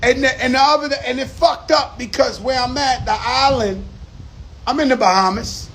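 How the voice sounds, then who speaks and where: A man's voice: extremely high pitch, normal speed, fairly bright tone, a little hiss or hum, low-quality recording. A man hosting his show in a casual outdoor monologue, talking emphatically and repetitively in profane street talk. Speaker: show host. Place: outdoors among palm trees by the sea.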